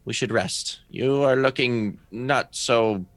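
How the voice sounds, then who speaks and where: A man's voice: medium pitch, takes it slowly, dry recording. Man playing a cryptic old mentor mage. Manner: cryptic, lecturing, trailing off mid-thought. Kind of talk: in-character tabletop role-play.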